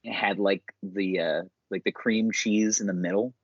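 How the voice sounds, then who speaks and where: A man's voice: lowish voice, fairly even intonation, moderate pace, dry recording. A young man co-hosting a podcast in loose casual chat, rambling, swearing and laughing often. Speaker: podcast co-host. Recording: dull, dry, lo-fi podcast mic.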